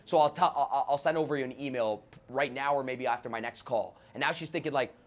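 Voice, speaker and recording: A man's voice: medium pitch, fairly quick, hardly any pauses. A man talking as a guest sales trainer in an interview, brash and profane, acting out sales calls as he explains. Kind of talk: animated podcast interview.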